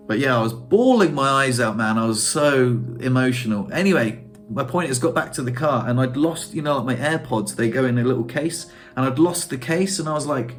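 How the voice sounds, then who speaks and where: A man's voice: medium pitch, steady tone, a little fast, soft background music. A man vlogging to camera in a casual, rambling way, emotional and swearing freely.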